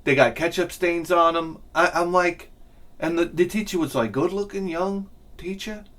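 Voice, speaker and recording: A middle-aged man telling a rambling, self-mocking comic story with lots of swearing and loud bursts of laughter. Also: fairly high pitch, moderate pace. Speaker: video game collector vlogger.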